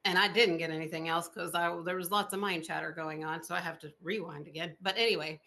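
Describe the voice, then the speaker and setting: A woman podcast host chatting in an interview, expressive and full of fillers, laughing often as she tells stories. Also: lowish voice, fast, few pauses. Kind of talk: casual interview chat.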